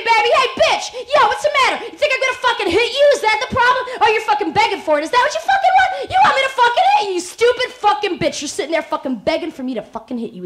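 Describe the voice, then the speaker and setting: A woman voicing a volatile, abusive man who hurls profane, shouted taunts. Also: high-pitched, a little hiss or hum.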